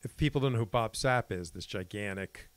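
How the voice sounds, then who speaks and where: A man's voice: lowish voice, brisk, clean tone, no room sound. A man co-hosting a podcast, chatting casually and rambling through stories with self-corrections. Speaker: podcast co-host. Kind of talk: casual chat.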